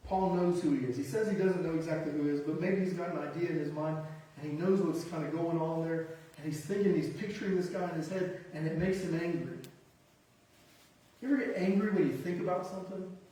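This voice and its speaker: Mellow-voiced male preacher in an echoey hall. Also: fairly high pitch, a little fast, distant mic. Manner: emphatic, builds to punchy one-word lists; self-deprecating, conversational asides. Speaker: pastor. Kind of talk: sermon.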